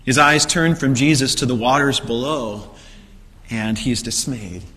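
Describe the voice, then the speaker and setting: A man's voice: medium pitch, measured pace, sharp tone. A man preaching a sermon, telling the story with rhetorical questions and acted-out quotes. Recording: long hall reverb.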